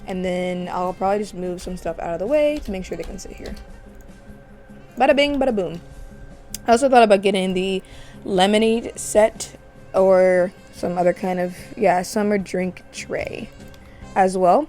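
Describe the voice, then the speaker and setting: A woman's voice: medium pitch, normal speed, warm tone, faint music behind. A woman chatting playfully through a life-sim game let's play, giggling often. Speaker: gaming channel host.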